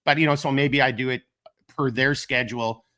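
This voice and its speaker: A middle-aged man with a Minnesotan accent hosts a casual livestream while coming down with a cold. His voice is bright and forward, and he rambles along, cracking self-deprecating jokes. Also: mid-range voice, steady tone, moderate pace. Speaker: livestream host of a gear company channel.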